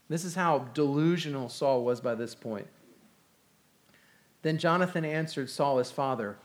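Male pastor, conversational sermon, reads scripture and storytells, slightly high voice. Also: unhurried, long pauses.

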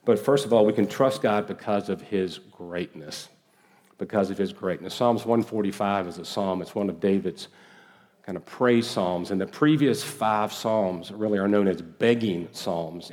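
A man preaching a sermon as pastor, earnest and emphatic, with slow deliberate pauses and repeated phrases. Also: on the low side, a little mellow. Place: church sanctuary.

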